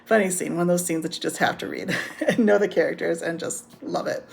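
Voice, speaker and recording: Female book reviewer, casual chatty recap, gravelly voice with vocal fry. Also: lowish voice, a little fast, darkish tone. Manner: rambling, many ums, laughs often.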